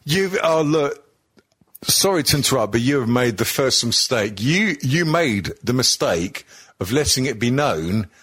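Bloke cohosting, swears a lot, teases, slight husky voice. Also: male voice, medium pitch, big pitch swings, measured pace, a bit bright, no echo, studio quality. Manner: crude joking, teasing, many ums. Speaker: podcast co-host. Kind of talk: casual sweary banter.

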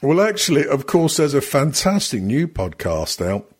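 A man's voice: mid-range voice, big pitch swings, moderate pace, a little mellow, slightly rough. A man co-hosting a podcast, chatting casually, swearing often, rambling and laughing a lot. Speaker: podcast co-host. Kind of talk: casual banter.

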